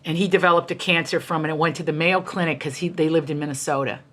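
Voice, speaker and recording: Fast and low-pitched, her steady tone a bit bright, the middle-aged American author relates family stories as an interview guest. Her storytelling is animated, passionate, and emphatic, and she often jumps into quoted voices.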